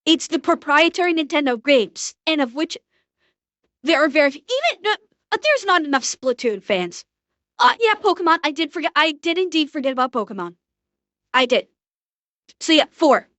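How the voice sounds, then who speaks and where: A young woman streamer giving blunt, profane live reaction commentary, ranting quickly. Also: sits high, very animated, a bit bright, no room sound.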